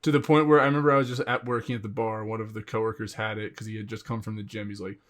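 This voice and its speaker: A man's voice: on the low side, flat delivery, fairly bright tone. Young man, dry joking podcast guest. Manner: dry joking, quick to laugh. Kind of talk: casual chat.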